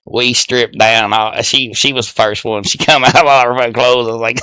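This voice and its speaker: A man's voice: medium pitch, steady tone, moderate pace, hardly any pauses, pushed and bright, clear, resonant tone, no room sound. A man, a podcast guest telling crude stories in casual chat and laughing through them.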